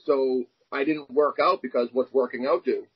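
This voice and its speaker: A young arm wrestler with a mid-range, slightly rough voice recounts candid personal stories in an interview at a moderate pace. He gets animated and voices the quoted dialogue himself. The audio is dull and lo-fi.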